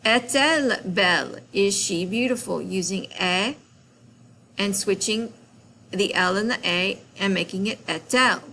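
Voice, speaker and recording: A woman teaching a French grammar lesson, explaining slowly and patiently in a classroom-style recording. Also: medium pitch, sharp tone, a little hiss or hum.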